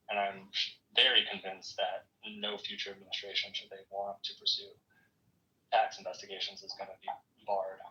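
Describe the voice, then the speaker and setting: A man's voice: on the low side, pushed and bright, far from the mic. Rambling man, dull lo-fi audio. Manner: rambling, halting restarts. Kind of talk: casual political chat. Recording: dull lo-fi sound.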